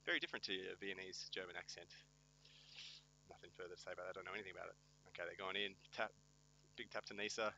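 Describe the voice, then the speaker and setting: A man's voice: low-pitched, fast talker, creaky, pauses often, pushed and bright, muffled recording, slight background noise. A man giving joking amateur commentary at a local football match, wry, self-mocking and teasing his co-host.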